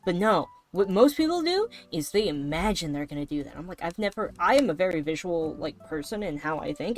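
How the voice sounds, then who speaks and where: A woman streamer chatting casually and rambling while she draws, swearing now and then. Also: fairly low pitch. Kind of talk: casual chat while drawing. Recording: faint background music.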